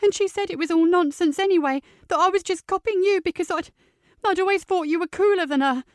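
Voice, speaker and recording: A woman voicing an upset teenage girl, speaking high and quick in an audiobook. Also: dry recording, studio quality. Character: distressed teenage girl, tearful and defiant.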